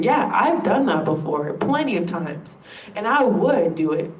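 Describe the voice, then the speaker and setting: A woman vlogger vents to her audience, emphatic and exasperated, cursing without holding back. Her voice sits a little high and carries the roomy echo of a space with the mic set some way off. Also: big pitch swings, normal speed, slight background noise. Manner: frustrated, emphatic, swears freely. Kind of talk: direct-to-camera rant. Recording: roomy sound, distant from the mic.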